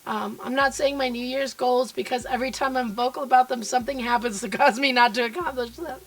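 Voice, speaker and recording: A woman with a hoarse, froggy voice from being sick, chatting casually and cheerfully with viewers from her home basement studio. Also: high-pitched, steady tone, brisk. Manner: chatty and upbeat, greeting viewers by name. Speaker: quilt designer and live streamer. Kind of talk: casual live-stream chat.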